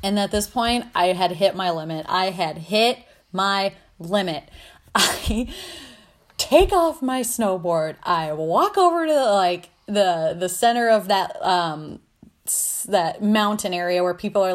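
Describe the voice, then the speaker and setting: Female podcast host with a mid-range voice, animated and salty, telling her own story with frequent laughs. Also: medium pitch. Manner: animated, swearing freely, laughing often. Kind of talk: casual storytelling.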